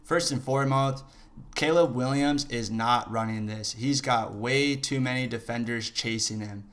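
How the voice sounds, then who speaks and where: Profane football analyst breaking down film. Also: male voice, mid-range voice, measured pace. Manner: profane, shifts into shouting rants. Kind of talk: casual film breakdown commentary.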